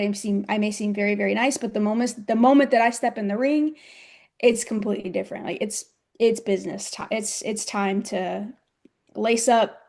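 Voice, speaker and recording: A woman's voice: medium pitch, a little mellow. A young woman from the United States, a professional wrestler, chatting in an interview and telling stories with frequent giggles. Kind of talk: casual interview chat.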